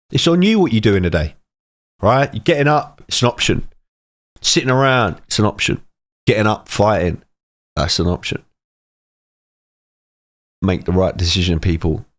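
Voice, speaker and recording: A middle-aged man gives an emotional personal testimony, speaking in short, punchy sentences and sighing often. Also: low voice. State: tearful, emotional. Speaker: motivational speaker.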